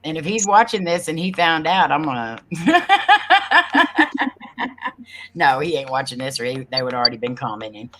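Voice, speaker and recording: A woman's voice: sits low, wildly swooping pitch, moderate pace, long pauses, pushed and bright. Laughing Texan woman in her forties. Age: 40s. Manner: laughs often, teasing banter. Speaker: paranormal show co-host. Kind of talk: casual group chat.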